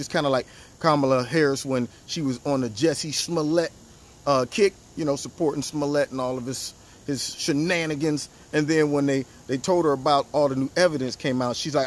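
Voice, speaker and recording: A man hosting his own political commentary show, talking in an animated, mocking way and acting out the people he quotes. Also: on the high side, fairly quick. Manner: animated, mocking, acts out quotes in different voices.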